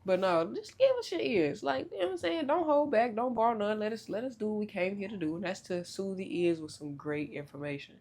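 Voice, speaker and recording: A young woman hosting a podcast in casual chat, loud, joking and profane, with big swoops in pitch. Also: lively intonation, a little fast, hardly any pauses. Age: young adult. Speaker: podcast host.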